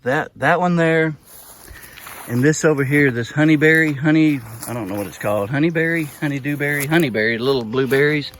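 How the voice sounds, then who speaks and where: A man's voice: a little high, brisk, fairly bright tone, a little hiss or hum. Folksy Southern man rambling outdoors. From Southern United States. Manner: folksy and rambling, with frequent restarts. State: a bit out of breath from walking. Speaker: homesteader. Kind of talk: casual walk-around vlog. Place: outdoors on a rural homestead.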